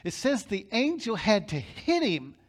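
A male pastor preaching a sermon, emphatic and storytelling, building his points to loud peaks. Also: high-pitched, sing-song, a little slow.

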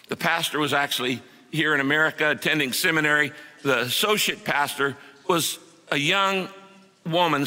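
A man's voice: a little high, bright, forceful tone, in a large hall. A middle-aged man preaching a sermon, telling a story earnestly and acting out the quotes.

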